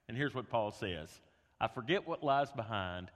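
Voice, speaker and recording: A man preaching a sermon, an animated storyteller who swings between loud bursts and hushed tones. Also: medium pitch, normal speed. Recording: long hall reverb.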